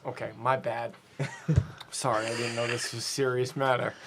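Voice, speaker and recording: A man's voice: medium pitch, flat delivery, normal speed, noisy background. A man co-hosting a casual sports podcast, rambling and self-deprecating as he reads listener emails. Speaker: podcast co-host, email reader.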